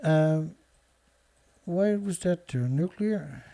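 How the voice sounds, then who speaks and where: A man's voice: on the high side, expressive, very slow, warm tone. A man hosting his own show, reading news headlines aloud and answering them with sarcastic, indignant commentary. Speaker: show host.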